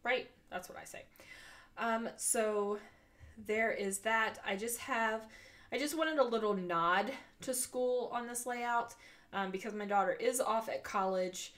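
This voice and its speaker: A woman's voice: a little high, unhurried, fairly bright tone. Congested, chatty woman narrating a voice-over. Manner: chatty, rambling, with frequent ums and small laughs. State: congested, breathing through the mouth. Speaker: scrapbooking video host.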